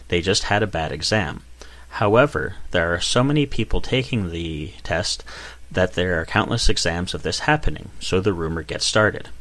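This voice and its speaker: A man with a very low, deep voice explains things in a calm, measured way. The recording is dry and close, with no room sound around him. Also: dry recording. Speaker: IELTS examiner. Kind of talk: scripted explanation.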